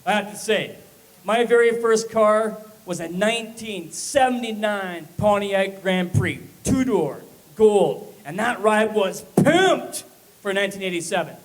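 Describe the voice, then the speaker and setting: A man in his forties from Saskatchewan, Canada, doing energetic live stand-up comedy on a club stage and working up the crowd. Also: high-pitched, unhurried, poor audio.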